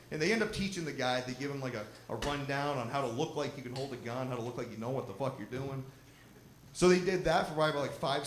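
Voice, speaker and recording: A young man with a fairly high voice works a stand-up set, swearing freely and telling his story with lively energy. The sound is roomy and echoing, and clear background noise from the live show sits under him. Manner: profane, storytelling, animated delivery. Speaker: stand-up comedian. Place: lodge venue, live show.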